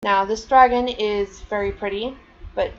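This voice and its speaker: A woman vlogger casually shows off her collection, speaking in a steady, mid-range voice at a slightly slow pace over lo-fi sound. She's chatty and rambling, filling her talk with lots of "um" and "like."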